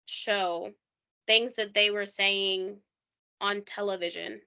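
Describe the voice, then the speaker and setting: Speaking slowly and steadily at a medium pitch, a woman co-hosts a laid-back true-crime podcast, her voice sharp and clean yet fry-tinged over lo-fi audio. She leans heavily on "like" while chatting and reading quotes aloud.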